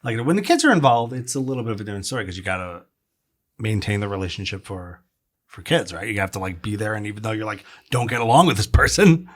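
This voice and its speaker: A man hosting a podcast in casual chat, jokey and quick to riff on what his guest says. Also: on the low side, lively intonation. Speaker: podcast host.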